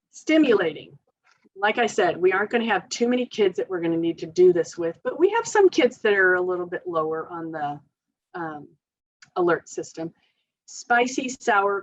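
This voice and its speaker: Female occupational therapist, informal and chatty, mid-range voice, muffled recording. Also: mid-range voice. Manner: chatty, informal, many fillers, laughs often. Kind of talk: parent training presentation.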